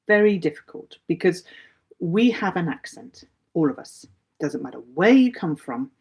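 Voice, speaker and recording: English woman, English teacher on a livestream, low-ish husky voice, chatty and animated. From England. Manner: chatty, animated, quick with many asides. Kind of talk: live Q&A lesson.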